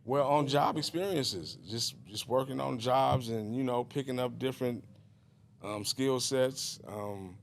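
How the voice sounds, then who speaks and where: A man's voice: medium pitch, measured pace, vocal fry, slight background noise. A middle-aged man from Richmond, California, a guest telling his life story in a rambling, casual way with many fillers and restarts.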